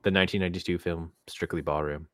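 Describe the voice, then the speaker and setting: A man's voice: low voice, fairly even intonation, fast, a bit bright, no echo. A man hosting a casual podcast where two friends show each other films, joking at his own slips. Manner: self-deprecating, restarts intro. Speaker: podcast host.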